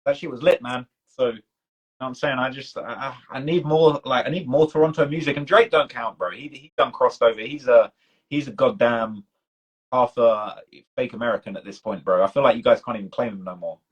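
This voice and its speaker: A British man from the United Kingdom, a documentary channel host, runs a casual live-stream chat, loose and slangy, full of fillers and restarts. His medium-pitched voice has a breathy edge and a fairly quick pace. The sound is lo-fi.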